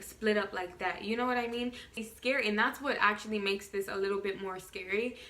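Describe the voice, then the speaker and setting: A young adult woman vlogger telling a story in casual storytime style, quick, animated and full of swearing. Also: medium pitch. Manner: rapid, profane, animated storytelling.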